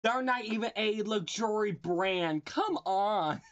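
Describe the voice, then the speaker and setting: A woman with an expressive, mid-range voice takes her time while livestreaming, poking fun at people with jokey mock insults and cracking herself up. She addresses chat as well as a friend off-mic, in a muffled recording.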